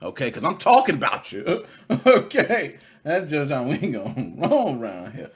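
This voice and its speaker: Animated ranting male podcast host. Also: a little high, moderate pace, husky. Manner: animated, ranting, swears freely, swings from loud to muttering. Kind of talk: solo gaming podcast rant.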